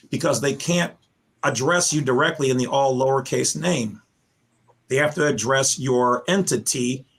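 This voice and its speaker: Husky man lecturing on a podcast. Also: fairly high pitch. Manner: animated, lecturing, rambling with restarts. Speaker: podcast guest explaining legal theories. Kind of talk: casual podcast talk.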